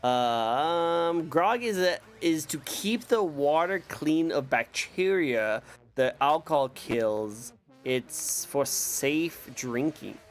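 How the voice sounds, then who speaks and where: A man's voice: on the high side, lively intonation, takes it slowly, faint music behind. A man hosting a casual interview, enthusiastic and repeating "I love it.". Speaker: interview host.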